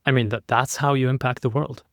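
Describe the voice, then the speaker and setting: Animated man guest, dry podcast sound. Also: mid-range voice, fairly quick, dry recording. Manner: animated, demonstrates inflection by playing with his voice. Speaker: podcast guest, keynote speaker. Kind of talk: relaxed conversational podcast talk.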